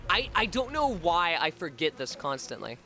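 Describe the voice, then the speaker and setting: Animated, bright-voiced male streamer. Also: a little high, moderate pace, a little hiss or hum. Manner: animated, swears freely, repeats words to test pronunciation. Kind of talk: casual live-stream gaming chat.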